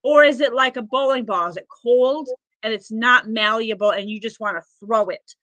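A woman's voice: fairly high pitch, normal speed, sharp tone, no echo, low-quality recording. A woman who works as a spiritual healer, telling stories as a podcast guest in an earnest, rambling way full of "like" fillers. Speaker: Akashic records practitioner and healer, podcast guest. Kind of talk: conversational podcast storytelling.

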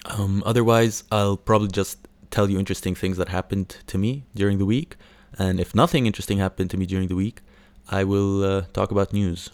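A man's voice: sits low, fairly even intonation, a little fast, hardly any pauses, darkish tone, no room sound. A man hosting a casual solo podcast, rambling with lots of fillers, swearing and mocking impressions. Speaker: podcast host.

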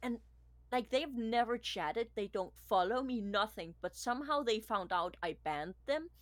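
A young woman who moderates streams, telling stories in a chatty, animated way with lots of fillers. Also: fairly high pitch, moderate pace, no echo. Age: young adult. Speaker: Twitch moderator. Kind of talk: casual podcast chat.

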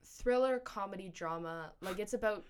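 A woman's voice: mid-range voice, normal speed, clean tone. A teenage girl from Canada, chatting casually as the interviewee, with lots of fillers and restarts. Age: teens.

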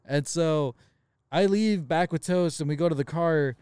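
A man's voice: a little high, measured pace, clean tone, no room sound. A man co-hosting a podcast, telling a story in casual chat, swearing often and acting out what people said. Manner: profane, animated, acts out quoted dialogue. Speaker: podcast co-host.

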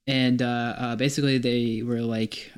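A young man from North Carolina hosting a loose, casual podcast chat. He tells crude, rambling stories and mimics the people in them. His voice sits at an ordinary pitch for a man. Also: level tone, a little slow, smooth. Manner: crude storytelling, acts out quotes. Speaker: podcast co-host.

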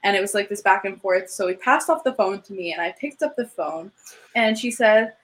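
Young female podcast co-host, chatty and easygoing, medium pitch. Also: brisk, a bit bright, low-quality recording. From Canada. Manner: chatty storyteller, laughs often. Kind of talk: casual chat.

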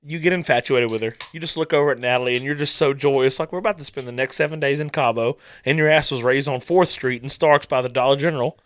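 A young man hosts a rowdy podcast with friends, telling crude stories loudly and laughing often. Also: mid-range voice, fast, few pauses, no room sound. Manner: loud storyteller, laughs often, crude jokes. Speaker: podcast host. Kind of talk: rowdy casual podcast banter.

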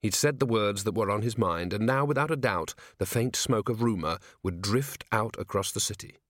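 A man narrating an audiobook with measured, wry storytelling. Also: lowish voice, animated, no room sound. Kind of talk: scripted narration.

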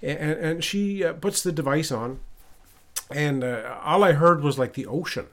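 A man's voice: fairly high pitch, normal speed, a bit bright. Man telling a personal story on a podcast. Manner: retells dialogue with frequent restarts and repeated words. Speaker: podcast host. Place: lives in Ottawa.

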